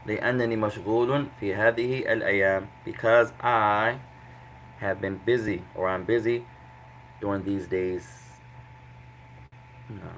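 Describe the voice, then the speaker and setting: A man's voice: on the low side, steady tone, normal speed, long pauses, fairly bright tone, slight background noise, low-quality recording. A man teaching Arabic in a class, patiently repeating each translation several ways and breaking the grammar into small steps. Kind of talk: classroom lesson.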